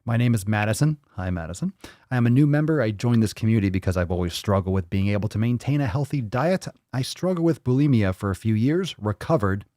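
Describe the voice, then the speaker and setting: A man with a low voice hosts a fitness live stream and chats casually. He rambles and jokes, and he swears freely. The sound is dry and close, with no room echo. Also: lively intonation, quick pace, warm tone. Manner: rambling, joking, profane. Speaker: fitness livestream host.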